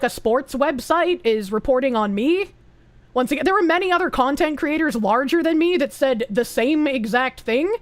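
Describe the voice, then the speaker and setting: A woman streamer chatting casually and reading viewer messages aloud, blunt, swearing a lot and laughing often. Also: sits high.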